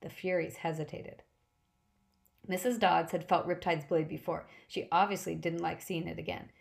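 A woman narrating a novel in a brisk, lively first-person audiobook reading. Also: on the low side, creaky.

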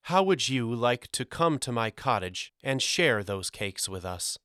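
A man's voice: medium pitch, very animated, unhurried, sharp tone, dry recording, studio quality. A man voicing a firm, authoritative but kind mother in an audiobook. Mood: gentle. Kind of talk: audiobook character voice.

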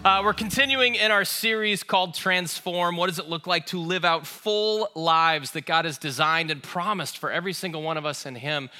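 A man's voice: sits high, moderate pace, few pauses, sharp tone, soft background music. A man preaching a sermon and telling funny stories, talking straight to a live congregation in a church. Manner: humorous storytelling, talks to the congregation directly. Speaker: pastor. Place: church auditorium with a live audience.

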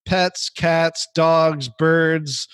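A man's voice: fairly high pitch, fairly even intonation, extremely slow, a bit bright, clear, resonant tone, dry recording, studio quality. A man hosting a podcast, chatting casually in a rambling way that is full of "like" and restarts. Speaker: podcast host. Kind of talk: casual chat.

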